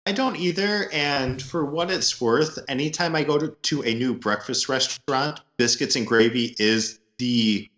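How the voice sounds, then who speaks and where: A man's voice: mid-range voice, unhurried, hardly any pauses, a bit bright, reverberant. A man co-hosting a casual movie podcast, joking loosely with many fillers. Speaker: podcast co-host. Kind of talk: casual movie review chat.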